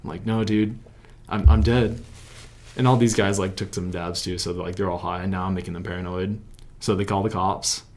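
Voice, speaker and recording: A man's voice: low-pitched, fairly even intonation, quick pace. A young man telling a story as an interview guest, rambling, with filler "like" in nearly every sentence. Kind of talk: casual storytelling.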